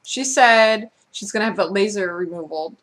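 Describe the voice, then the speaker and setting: Woman, vlogger, casual ranting monologue, sarcastic, blunt, swearing, middle pitch. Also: moderate pace, a bit bright.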